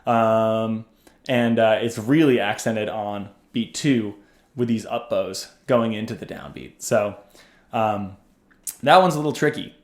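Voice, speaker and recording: A man giving a casual music lesson, talking in a loose, relaxed way with plenty of ums and uhs. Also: fairly low pitch, a little slow. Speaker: bass teacher. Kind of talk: casual instructional talk. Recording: roomy echo with faint music.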